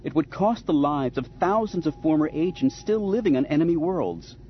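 A man's voice: fairly high pitch, very animated, moderate pace, highs cut off, slight background noise, pitched above the performer's own voice. A man reading as Leia, an urgent princess. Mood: insistent. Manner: urgent, persuasive. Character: determined princess leader, adult woman.

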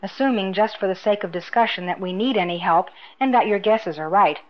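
A woman's voice: mid-range voice, brisk, close to an everyday voice. Earnest young man, read by a woman; firm, direct delivery; dull recording.

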